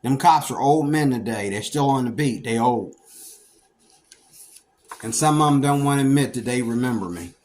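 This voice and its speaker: A middle-aged Pennsylvania man tells stories from his past in a casual monologue, rambling and animated, with sudden loud outbursts whenever he acts out what other people said. His voice is medium-pitched and moderately paced, and he pauses often.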